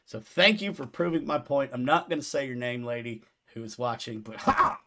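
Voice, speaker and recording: A man hosts a casual podcast in a chatty, animated way and laughs easily. His voice sits at an ordinary mid pitch. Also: normal speed.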